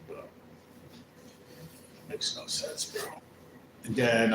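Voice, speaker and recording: Slow and flat, this mid-range male voice belongs to a man hosting a casual livestream. Chatting with viewers, he's profane, rambling and aggrieved, recorded in an echoey room with noise behind him.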